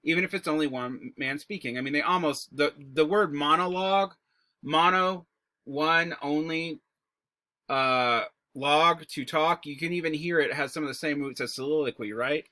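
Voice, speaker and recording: A male English teacher lectures in a bright, slightly high voice. He explains each idea in a casual, step-by-step way. The sound is dry and close. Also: normal speed, no echo. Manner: explanatory, breaks words apart, casual asides. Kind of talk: recorded classroom lecture.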